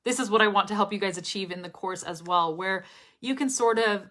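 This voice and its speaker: A young woman teaching English pronunciation, talking to her students in a live stream. She speaks very clearly and expressively and laughs often. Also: mid-range voice, a little fast, pushed and bright.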